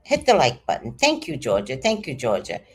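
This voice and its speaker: A woman in her fifties telling a story to her viewers in an animated, chatty way, swearing freely. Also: extremely low pitch, husky. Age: 50s. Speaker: vlogger. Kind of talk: casual storytelling to camera.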